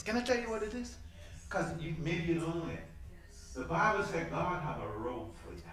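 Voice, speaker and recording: Animated preacher in an echoey church. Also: male voice, a little high. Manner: lively, folksy preaching with sudden loud peaks and hushed asides. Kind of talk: sermon.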